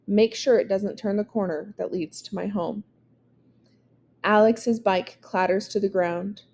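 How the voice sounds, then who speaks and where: A woman reading a verse novel aloud in a measured, expressive way. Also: medium pitch. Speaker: reader.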